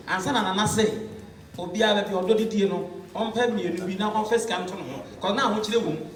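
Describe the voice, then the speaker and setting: A man's voice: sits high, a bit bright. A man asking questions in a casual chat and laughing often as he talks. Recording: echoey room, distant mic.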